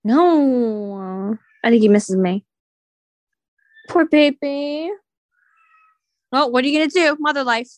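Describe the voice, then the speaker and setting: A woman co-hosting a casual chat, cutting in with quick teasing remarks. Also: fairly high pitch, expressive. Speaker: podcast co-host.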